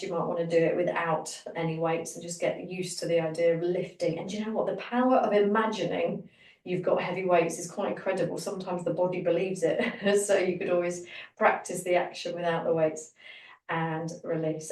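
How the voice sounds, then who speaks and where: A woman teaching a guided Pilates session, giving calm, encouraging step-by-step cues for breathing and movement. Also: on the low side, normal speed, recorded from a distance. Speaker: Pilates instructor. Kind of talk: guided exercise class. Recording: roomy echo, voice from off the mic.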